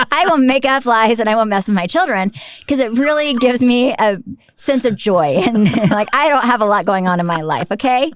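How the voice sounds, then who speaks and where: A woman in her forties with a mid-range voice co-hosts a casual podcast, recorded clean in a studio with no echo. She tells stories animatedly and laughs often.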